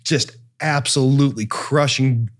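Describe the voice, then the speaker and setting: A man's voice: medium pitch, a little slow. Guy cohosting a chatty podcast, jokey, lots of uhs, laughs a bunch. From Ohio. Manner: jokey, laughs often, lists things with many fillers. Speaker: podcast co-host. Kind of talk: casual chat.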